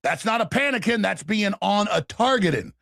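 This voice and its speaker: High, gravelly, urgent male ranter. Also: animated, normal speed, a bit bright, no echo, clean studio sound. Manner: urgent, emphatic, scoffing. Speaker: talk show host. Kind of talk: ranting political commentary.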